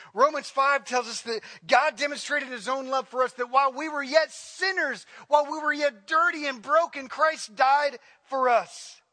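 A man preaching a sermon, telling a story and swinging from impassioned peaks down to very soft, quiet appeals. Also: very high voice. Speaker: pastor.

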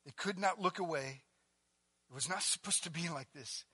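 A man preaching a sermon as a pastor, delivering it with passion and building up to near-shouting on emphatic passages. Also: a little high, moderate pace, slightly rough, no echo.

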